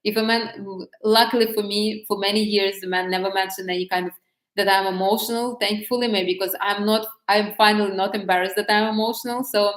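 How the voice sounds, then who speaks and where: Woman just chatting candidly to camera, mid pitch, kinda echoey room. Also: steady tone, fairly quick. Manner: candid and chatty, with many restarts and laughs. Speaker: vlogger giving dating advice. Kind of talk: casual talk to camera.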